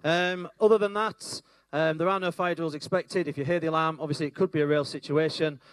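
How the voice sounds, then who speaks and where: A man's voice: fairly high pitch, steady tone, fairly quick, clear, resonant tone, no echo. A man giving a hesitant fire safety briefing at an event in a function room. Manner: hesitant, many fillers. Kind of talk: safety announcement.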